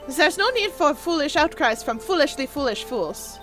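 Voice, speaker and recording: A woman's voice: high voice, animated, normal speed, fairly bright tone, faint music behind. A woman voicing a cold, haughty young female prosecutor in a put-on German accent, clipped and scornful.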